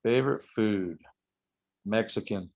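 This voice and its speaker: A man's voice: lowish voice, vocal fry. Man rambling on a dull recording. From United States. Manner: rambling storyteller, halting restarts. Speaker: guest, professional wrestler. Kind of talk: casual podcast interview. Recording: slightly dull lo-fi audio.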